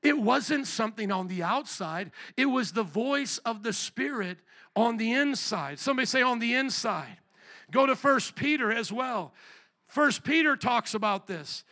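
A male pastor preaching a live sermon in a church, energetic, questioning the congregation and calling for responses. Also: very high-pitched, moderate pace. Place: church sanctuary.

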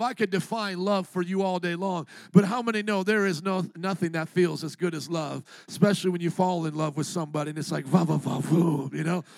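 A man, a pastor, preaching a lively, joking sermon and calling on the congregation to answer back. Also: high-pitched, no room sound.

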